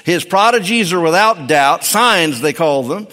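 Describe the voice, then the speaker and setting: A man's voice: a little high, expressive, a little slow, bright, forceful tone. A man preaching a sermon in a folksy, emphatic way on a pulpit mic in a church. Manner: folksy, emphatic, with frequent restarts. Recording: long hall reverb.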